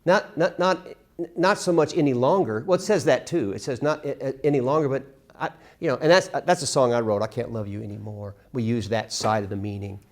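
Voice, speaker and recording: A middle-aged man teaching a casual songwriting workshop, acting out lyric lines with lively emphasis. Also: medium pitch, fairly quick. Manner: animated, sings and acts out lyric examples.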